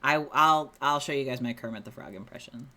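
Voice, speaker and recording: A woman's voice: rumbling low, a little fast, sharp tone. A woman co-hosting a casual livestream, chatty and self-deprecating, often breaking into giggles. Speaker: livestream co-host.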